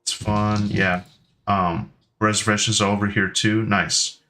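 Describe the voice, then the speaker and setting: An unhurried, level, lowish male voice comes across bright and forceful. He is a US man in his thirties doing casual live-stream chat, wandering through his thoughts with many ums and restarts.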